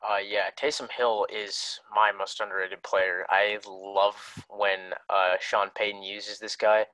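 A man's voice: on the low side, little pitch movement, measured pace, pushed and bright, no echo, poor audio. A young man co-hosting a casual sports podcast, laid-back and jokey, rambling a little. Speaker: podcast co-host.

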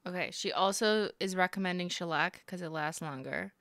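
Chatty bright-voiced woman streamer. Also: lowish voice, normal speed, no room sound, clean studio sound. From Canada. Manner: chatty, playful, sarcastic, laughs often. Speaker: streamer reacting to videos. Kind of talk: casual live-stream commentary.

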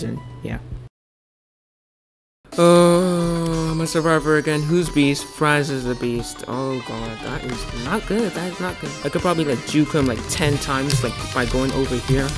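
An excitable man talks through his gameplay in a casual, chatty way, now and then breaking into sudden loud exclamations. His pitch sits in an ordinary middle range. Music plays clearly underneath him. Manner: excitable, quick outbursts of exclamation. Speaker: gaming channel host. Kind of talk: casual gameplay commentary and voice-over. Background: background music.

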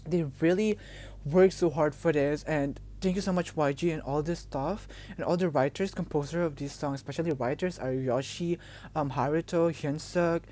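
A woman's voice: sits low, moderate pace, dark tone. A young woman from the Philippines, gushing and emotional as she reacts to a music video, exclaiming often.

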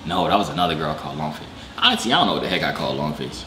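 A man's voice: extremely low pitch, very animated, rapid-fire, echoey room, background noise. A man vlogging casually on a video chat app, joking and teasing the strangers he meets. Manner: joking, teasing, talks to himself.

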